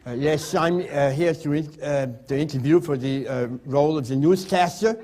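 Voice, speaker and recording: A man's voice: on the high side, darkish tone, close to an everyday voice. A man playing a hesitant job applicant. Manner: hesitant, full of pauses. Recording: studio audience, live stage.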